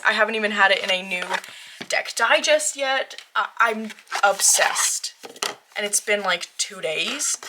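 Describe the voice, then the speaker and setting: A woman's voice: mid-range voice, noisy background. A young woman hosting a tarot vlog, chatting casually in a bubbly, giggly, rambling way that keeps interrupting itself. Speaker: tarot channel host.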